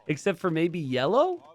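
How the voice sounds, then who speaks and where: Lively, animated male game caster. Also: on the high side. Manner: chatty, jokey, bursts into excited shouts and laughter. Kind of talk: live strategy game commentary.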